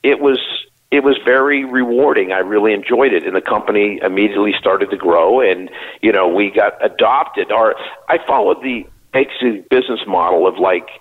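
A man's voice: lowish voice, normal speed. A man in his sixties, a company CEO, telling joking anecdotes in a casual interview and acting out the dialogue. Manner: lively anecdotes, jokey, acts out quoted dialogue. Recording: phone-like narrow band.

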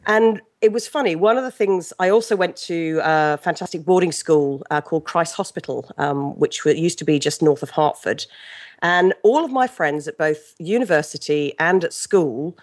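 A middle-aged woman with an English accent talks as an interview guest. Her voice sits slightly low, and she tells her stories in an animated, chatty way, restarting sentences as she goes. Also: normal speed. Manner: chatty, animated storyteller with frequent restarts and laughs. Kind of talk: casual interview chat.

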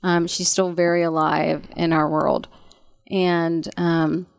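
A woman in her thirties, a guest and bereaved mother, talking softly and haltingly with many fillers in a casual conversation. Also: lowish voice, flat delivery, clear, resonant tone.

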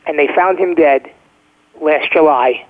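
Guest caller: emphatic man, slightly high voice, heard through a tinny phone line. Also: a little slow. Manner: emphatic, checks in with "okay?". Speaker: guest, former first responder. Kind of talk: phone-in interview storytelling.

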